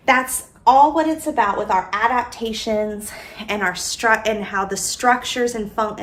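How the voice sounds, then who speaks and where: A woman teacher giving a recorded lesson, speaking slowly and deliberately and dictating sentences word by word. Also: on the high side, fairly bright tone.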